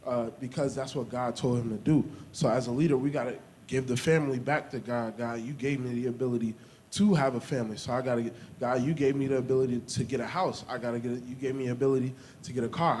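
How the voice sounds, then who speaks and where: A man's voice: mid-range voice, darkish tone. A man, speaking in a mid-range voice during a faith discussion. He talks in rhythmic, repeated phrases, like a short sermon. A faint hiss sits under the recording. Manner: preachy, repetitive, rhythmic phrasing. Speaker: discussion participant. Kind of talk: casual faith-based discussion.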